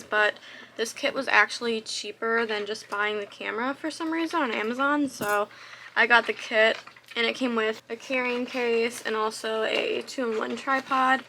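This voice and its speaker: A woman's voice: on the high side, gravelly, noisy background. A young woman vlogging in a chatty, rambling way, full of casual fillers. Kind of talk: casual vlog chat.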